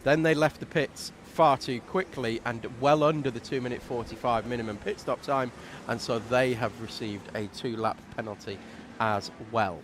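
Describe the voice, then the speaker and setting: A man's voice: medium pitch, moderate pace, a little hiss or hum. Chatty male race commentator. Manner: chatty, explanatory, relaxed. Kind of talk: live stream commentary.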